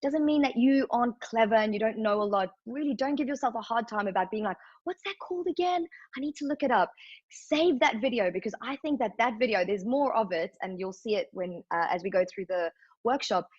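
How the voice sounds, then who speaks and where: Woman, fairly high voice, cheerful anatomy teacher on a muffled online call. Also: fairly quick, a little mellow. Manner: upbeat, encouraging, asks the chat questions. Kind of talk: live online workshop teaching.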